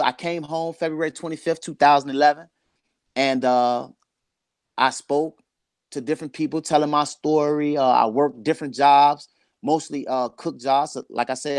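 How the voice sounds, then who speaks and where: A man's voice: fairly high pitch, no room sound. Earnest man in his forties, dry sound. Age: 40s. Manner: earnest, emotional, repeats phrases for emphasis. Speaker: guest sharing his life story. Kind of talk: candid conversation.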